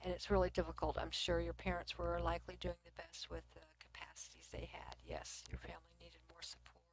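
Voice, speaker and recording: A middle-aged Texan woman hosts a relaxed livestream, chatting with viewers and reading comments at her computer in a Texan accent. She talks fairly quickly in a lowish voice with little pitch movement and vocal fry, sometimes near a whisper, over a faint hiss or hum.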